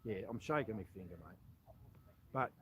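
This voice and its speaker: A man's voice: lowish voice, animated, normal speed, a bit bright, slight background noise, rough recording. Confrontational Australian man saying "mate". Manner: confrontational, addresses listener as "mate" constantly. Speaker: former army recon soldier. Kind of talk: direct-to-camera appeal.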